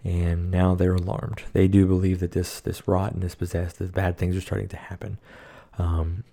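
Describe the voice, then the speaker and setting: A man's voice: low voice, monotone, normal speed, creaky, dark tone. A man co-hosting a podcast, casually recapping a horror movie in a rambling, profane way with lots of fillers. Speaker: podcast co-host.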